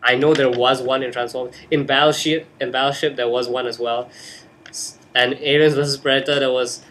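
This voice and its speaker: A man's voice: medium pitch, fairly even intonation, a little fast, a bit bright. Young man, hyper, jokey, casual movie chat, bedroom webcam, slight hiss. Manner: hyper, jokey, breaks into silly put-on voices. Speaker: host.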